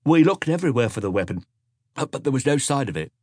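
A man's voice: mid-range voice, very animated, quick pace, a little mellow, no room sound, clean studio sound, voice pushed up. A man doing a timid, stammering young inspector. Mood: reporting. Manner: nervous, stammering.

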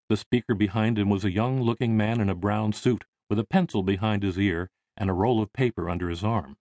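Expressive male audiobook narrator. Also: lowish voice, brisk, dry recording. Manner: expressive storytelling.

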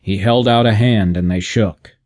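A man narrating a humorous audiobook in a measured, deadpan reading. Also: fairly low pitch.

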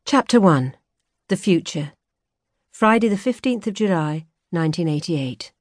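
A woman narrating a novel in a measured, expressive audiobook reading. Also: lowish voice, no room sound. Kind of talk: scripted narration. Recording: dry studio recording.

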